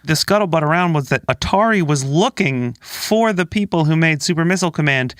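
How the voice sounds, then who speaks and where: A man's voice: on the high side, expressive, a little fast, a bit bright, no echo, studio quality. A man co-hosting a casual podcast, telling a story with jokes and swearing. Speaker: podcast co-host.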